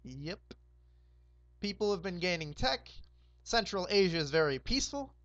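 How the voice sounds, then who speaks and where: A hoarse young man hosting a roleplay game, casually recapping the map in a rambling, laid-back way with lots of fillers. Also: sits high, big pitch swings, moderate pace, a bit bright, dry recording, muffled recording. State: hoarse, sore throat.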